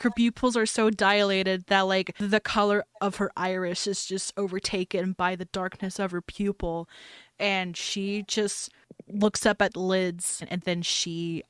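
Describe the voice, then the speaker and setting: A woman playing a tabletop role-playing game, excitable and quick to shout. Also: mid-range voice, smooth, no room sound. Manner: excitable, laughing, loud outbursts. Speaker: player. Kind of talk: in-character tabletop play.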